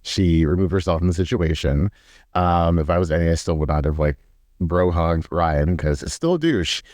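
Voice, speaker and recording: A man's voice: deep voice, lively intonation, normal speed, darkish tone, no echo, clean studio sound. A man co-hosting a podcast in casual chat, blunt and opinionated, laughing easily. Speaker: podcast co-host.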